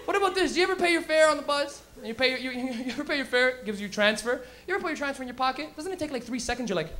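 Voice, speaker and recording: Man, comedy host, very high voice, bright and sharp, crude loud delivery. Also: expressive, rapid-fire, few pauses. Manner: loud, crude, acts out rants. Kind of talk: stand-up comedy set. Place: comedy club stage.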